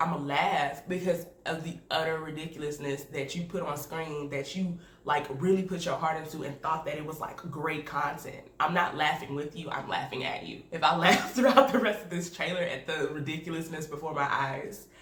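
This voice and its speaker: A woman giving casual reaction commentary, candid and animated, laughing often. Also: deep voice, brisk, hardly any pauses. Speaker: video reviewer. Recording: echoey room with faint noise.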